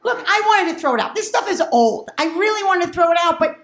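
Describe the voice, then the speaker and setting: Brash high-voiced woman doing stand-up. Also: expressive, quick pace, hardly any pauses, a bit bright. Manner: brash, profane, acts out family dialogue. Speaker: stand-up comedian. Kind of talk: stand-up comedy set. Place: comedy club. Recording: echoey club room.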